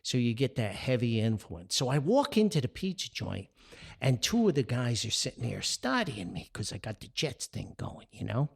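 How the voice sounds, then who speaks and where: A man's voice: mid-range voice, normal speed, vocal fry, breathy edge. An older man from New Jersey with a North Jersey accent, telling a casual story as a podcast host, chuckling as he goes. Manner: animated, chuckling, jumps up for quoted voices.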